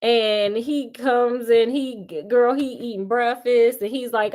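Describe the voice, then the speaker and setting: Sassy lady retelling a story, chatty, calls you honey and child, a bit high voice. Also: steady tone, a little slow, few pauses, a little mellow. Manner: laughs often.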